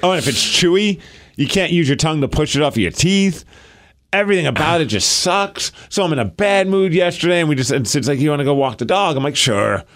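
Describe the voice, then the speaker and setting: A man co-hosting a podcast in casual chat, telling animated stories while complaining about a painful sore mouth. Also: fairly high pitch, fast talker. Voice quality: sore mouth from canker sores. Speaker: podcast co-host.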